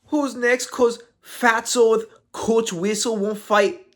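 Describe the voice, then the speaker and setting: A man's voice: extremely high pitch, fairly even intonation, takes it slowly, voice pushed up. A man doing a brash taunting fighter. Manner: exaggerated, laughing through the lines. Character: brash mocking male fighter taunting rivals. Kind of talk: impression while reading a post aloud.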